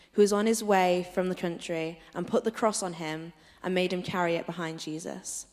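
A woman reading a scripture passage aloud, steady and careful. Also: lowish voice. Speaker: scripture reader. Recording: reverberant hall.

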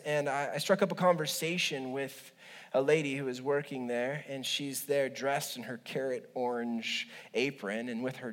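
A male pastor preaching a sermon, telling stories with humorous asides and lively swings between loud and quiet. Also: mid-range voice. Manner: humorous, animated storytelling with asides.

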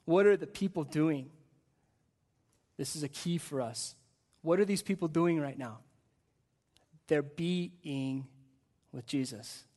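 A man delivers a sermon at a church service, and his voice sits a little high for a man. He speaks with energy and a chatty, conversational pull, often repeating words as he builds his point. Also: slow, long pauses, a little mellow. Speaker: guest pastor.

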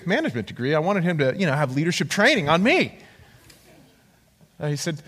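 In a church hall with a long, ringing echo, a man with a somewhat high voice preaches quickly, sharing his personal testimony within a sermon. He tells it as an animated story, acting out the voices of the people involved.

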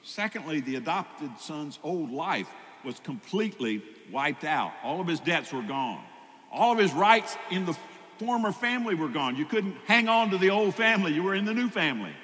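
A man's voice: a little high, sing-song, normal speed, a bit bright. A man preaching a sermon as pastor, conversational, with rising emphatic peaks. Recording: long hall reverb.

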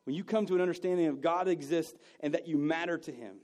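A man preaching a sermon, telling personal stories and moving between loud bursts and hushed moments. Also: fairly high pitch, fast talker. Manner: storytelling, swings from loud to hushed. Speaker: pastor.

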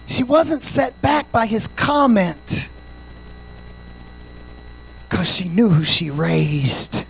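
Gravelly man preaching with shouted swells. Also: high-pitched, sing-song, extremely slow, a little hiss or hum, low-quality recording. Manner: swings from shouted, sing-song preaching to quiet, confiding storytelling; peppers speech with "amen" and "praise God". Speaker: pastor. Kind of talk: sermon.

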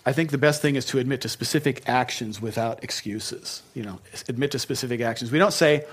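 A man's voice: mid-range voice, quick pace, hardly any pauses, slightly rough. A male pastor preaching a sermon in a conversational way, with joking asides.

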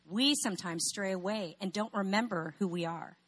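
A woman's voice: medium pitch, moderate pace, husky. A woman speaking in a sermon, telling a personal story and asking rhetorical questions.

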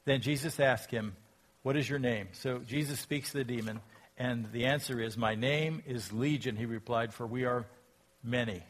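A pastor preaching a sermon, reading scripture aloud and asking reflective, rhetorical questions. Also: male voice, medium pitch, steady tone, normal speed. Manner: reflective, asks rhetorical questions, rises in volume when quoting scripture.

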